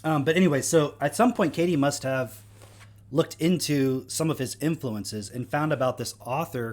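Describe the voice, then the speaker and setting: A young man hosting a livestream, talking in a casual, rambling way with lots of fillers and self-corrections. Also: mid-range voice. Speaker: livestream host.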